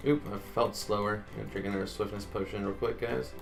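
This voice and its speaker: Man, tutorial host, chatty, low pitch, faint music underneath. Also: fairly even intonation, fast, vocal fry. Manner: chatty, addresses viewers as guys, counts blocks aloud. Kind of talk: casual building tutorial narration.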